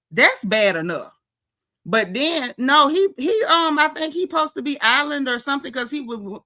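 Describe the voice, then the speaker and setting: A sassy woman hosts a gossip commentary stream in an African American English accent, animated and indignant as she talks. Her voice is bright and forceful, at a middle pitch for a woman. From United States. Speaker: gossip show host. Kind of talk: casual commentary livestream.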